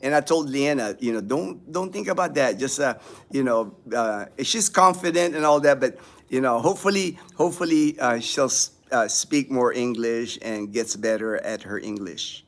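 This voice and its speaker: A livestream host in the Philippines talks casually from home, reading out viewers' comments and chatting with them in a mid-range voice at normal speed. His speech wanders, full of fillers and false starts.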